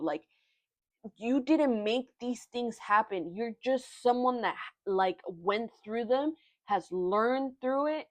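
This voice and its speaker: A young woman giving a tarot reading in an earnest, halting way, often moved by what she says. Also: a little high, no echo. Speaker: tarot reader. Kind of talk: pick-a-card tarot reading.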